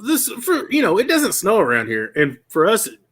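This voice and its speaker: Co-host, male, somewhat high and lively, easygoing laugher. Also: normal speed, breathy edge. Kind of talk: casual chat.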